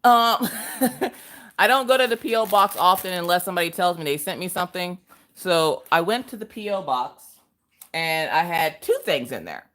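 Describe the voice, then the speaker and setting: A woman's voice: fairly low pitch, expressive, normal speed, fairly bright tone. A woman, hosting a casual live craft stream, greeting viewers by name and laughing often.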